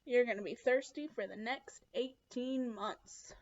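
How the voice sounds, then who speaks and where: A harsh camp guard who taunts the boys in his care, voiced by a woman reading a storybook. He speaks in short, blunt lines, a little high in pitch. The recording is dull and lo-fi. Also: a little slow. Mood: taunting. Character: harsh, mocking adult male camp guard.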